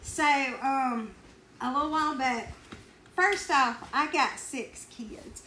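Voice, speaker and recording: A Southern-accented woman co-hosting a podcast, telling stories in a casual, animated way and laughing often. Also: sits high, slow. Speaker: podcast co-host. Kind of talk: casual storytelling chat. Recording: roomy echo with faint ambient noise.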